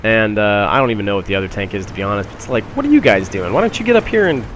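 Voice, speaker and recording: A man with a lowish, slightly bright voice talks in a very animated, rapid-fire way, and there's a little hiss or hum. He's doing casual, wry voice-over commentary on a tank battle game, packed with fillers, while gunfire and engine noise play behind him.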